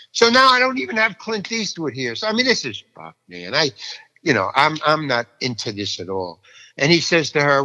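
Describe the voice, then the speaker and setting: Older male actor, raised pitch, acts out every voice in his anecdote, reverberant room. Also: animated, moderate pace, sharp tone, highs cut off. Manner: restless, repeats himself, acts out each person in the story. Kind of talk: animated storytelling.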